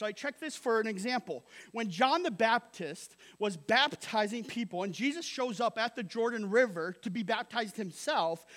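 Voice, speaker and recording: Male pastor, sermon; unusually high-pitched, punchy and repetitive, slangy asides. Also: fairly bright tone. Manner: emphatic, repeats phrases, tags lines with "right?".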